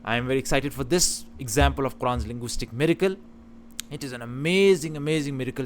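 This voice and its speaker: A man's voice: medium pitch, a little hiss or hum. A man teaching about scripture in a talk, stressing key words with emphasis and often restarting his phrases. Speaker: religious teacher.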